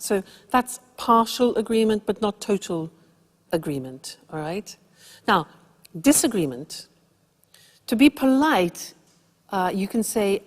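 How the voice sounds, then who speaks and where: Slow, clear woman teaching English. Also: medium pitch, sing-song. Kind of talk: language lesson explanation. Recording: long hall reverb.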